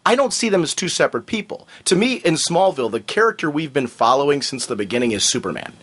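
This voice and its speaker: A man's voice: a little high, fast talker, slightly rough. A man co-hosting a fan podcast in casual chat, talking in a rambling way with lots of fillers. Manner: animated, rambling with many fillers. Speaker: podcast co-host.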